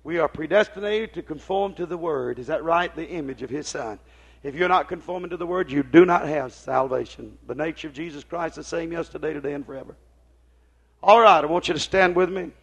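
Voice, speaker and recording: A man preaching a fiery sermon, in folksy, ungrammatical speech, swinging between shouted exhortation and low, intense tones. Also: quick pace, creaky, breathy edge, muffled recording.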